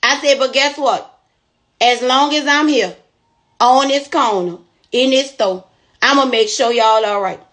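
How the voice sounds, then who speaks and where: A woman's voice: high voice, measured pace, a bit bright. A woman store owner telling a motivational testimony in a folksy, preachy storytelling way.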